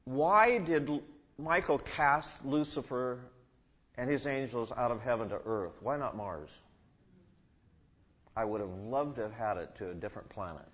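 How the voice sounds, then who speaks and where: Bright-voiced preacher man, lo-fi. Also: mid-range voice, unhurried. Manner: asks the congregation questions, rises and drops in volume. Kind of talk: sermon.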